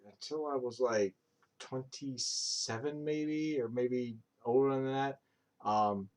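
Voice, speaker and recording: Speaking slowly at medium pitch, a thirty-something man chats casually on a stream. The talk is rambling and profane storytelling, thick with ums.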